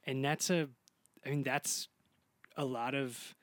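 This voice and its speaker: A man's voice: mid-range voice, fairly even intonation, slow pace, a bit bright, no room sound. A man co-hosting a book podcast, musing aloud with many fillers and restarts. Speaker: podcast co-host. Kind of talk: casual book-club chat.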